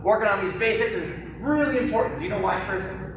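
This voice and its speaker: A martial arts instructor teaching a live-streamed kids' class in a studio, calling out sharp commands and joking between drills. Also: mid-range voice, animated, fast, recorded from a distance, background noise. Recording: very echoey studio heard from afar.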